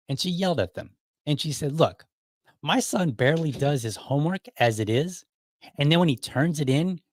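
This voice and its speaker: A man's voice: mid-range voice, no echo. A middle-aged man from Ohio telling stories about his childhood in a casual, rambling way, correcting himself as he goes and acting out quotes. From Ohio, United States. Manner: rambling, self-correcting storyteller who acts out quotes. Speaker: podcast host. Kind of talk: casual storytelling monologue.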